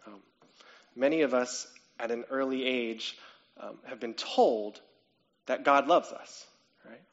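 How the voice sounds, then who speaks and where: Animated pastor, muffled lo-fi recording. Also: male voice, medium pitch, unhurried. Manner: conversational, frequent "okay?" and "right?" check-ins; animated, rising to excited questions. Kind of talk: sermon.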